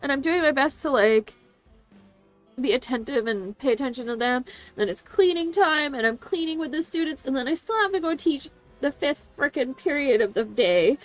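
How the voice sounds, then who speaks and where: A woman's voice: high-pitched, lively intonation, moderate pace, faint music behind. A woman who works as an assistant language teacher, venting about her workday in casual chat, swearing and acting out what others said. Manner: venting, swearing, quoting people in voices.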